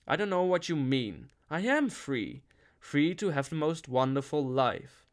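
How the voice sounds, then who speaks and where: An anxious, pleading young woman in an audiobook reading, as a man puts her on. The voice is pitched up and louder, with a naive, cheerful edge. The reading moves at an even pace. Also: unhurried. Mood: distressed.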